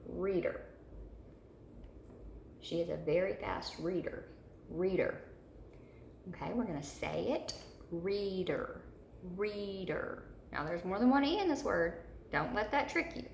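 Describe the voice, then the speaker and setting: A woman teacher giving a slow, repetitive recorded video lesson to third graders. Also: on the low side, gravelly, echoey room, slight background noise.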